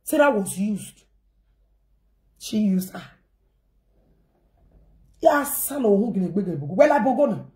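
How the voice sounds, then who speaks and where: A woman with a Nigerian accent speaks straight to her viewers in a loose, rambling rant, circling back over the same phrases again and again. Her voice sits at an ordinary middle pitch, and she slips pidgin expressions into her talk. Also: very animated, unhurried, long pauses, darkish tone.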